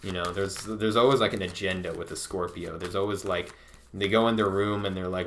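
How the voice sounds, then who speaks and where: A man's voice: low-pitched, fairly even intonation, brisk, fairly bright tone, a little hiss or hum. A man giving a casual tarot reading in a laid-back, profane way, filling his talk with "like". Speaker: tarot reader.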